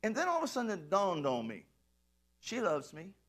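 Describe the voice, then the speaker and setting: High, lively-voiced male preacher. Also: fairly quick. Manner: animated, playful preaching that breaks into shouts and laughter. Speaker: pastor. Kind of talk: sermon.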